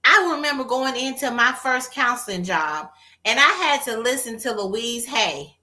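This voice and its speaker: Woman therapist, co-host; animated storyteller, bright and forceful delivery. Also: on the high side, measured pace. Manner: animated storytelling, acts out quotes. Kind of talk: casual conversation.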